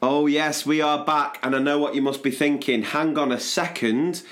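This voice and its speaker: A man, hosting a podcast in casual chat, chirpy and jokey, sometimes dropping low and soft while recounting. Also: fairly even intonation, normal speed. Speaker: podcast host.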